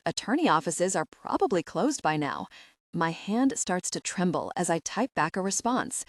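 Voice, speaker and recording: A woman narrates a first-person romance audiobook with a wry, expressive delivery. Her voice is fairly low but moves in lively swings of pitch. The sound is dry and close, with no room echo. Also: moderate pace.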